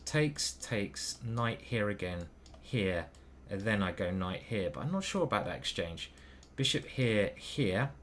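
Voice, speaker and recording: A man's voice: fairly low pitch, big pitch swings, measured pace, hardly any pauses, a bit bright, a little hiss or hum. A man thinking aloud as he plays online chess, muttering moves and questioning himself. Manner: muttering move by move, hesitant self-questioning. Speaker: chess grandmaster commentating his own games.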